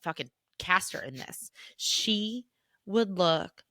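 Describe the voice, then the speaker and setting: An enthusiastic young woman gushes about a fantasy novel in casual podcast chat, dropping the odd swear word. Her voice is bright and forward, recorded dry and close. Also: medium pitch, animated, takes it slowly, dry recording. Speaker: podcast co-host.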